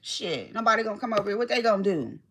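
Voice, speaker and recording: A woman's voice: mid-range voice, sing-song, fast, fairly bright tone, breathy edge. A woman hosting her own livestream, chatting loosely with her viewers, reading their names from the chat, cursing freely and drifting from one point to the next. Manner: chatty, rambling, reads chat aloud, swears freely. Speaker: livestream host.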